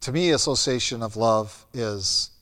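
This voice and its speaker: Blunt pastor preaching in a reverberant hall. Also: male voice, medium pitch, unhurried. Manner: blunt, emphatic preaching that swings between loud and soft. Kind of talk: sermon. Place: church hall.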